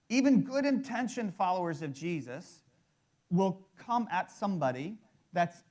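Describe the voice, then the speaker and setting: A man in his thirties preaching a sermon in a conversational way, often restarting and checking in with the listeners. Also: sits high. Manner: conversational, repeats words and restarts, fills with "right?". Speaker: pastor.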